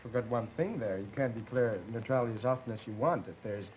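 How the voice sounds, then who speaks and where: A man's voice: mid-range voice, fast, darkish tone, a little hiss or hum, low-quality recording. A young man from Germany, a student panelist in a 1950s discussion, teasing and rebutting in hesitant English full of fillers.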